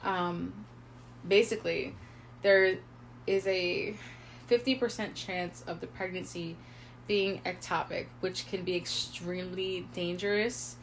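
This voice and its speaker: A woman's voice: lowish voice, takes it slowly, a little hiss or hum. A young woman in her twenties co-hosting a podcast, telling a personal story in a casual, chatty way, full of "like" and quoted thoughts. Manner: chatty, heavy use of "like", animated retelling with quoted inner thoughts. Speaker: podcast co-host.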